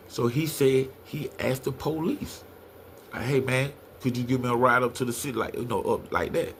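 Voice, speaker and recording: A man's voice: normal speed, slight background noise. A middle-aged man telling a story in casual talk, acting out the quoted lines in a raised voice. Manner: animated, acts out quotes in a higher voice.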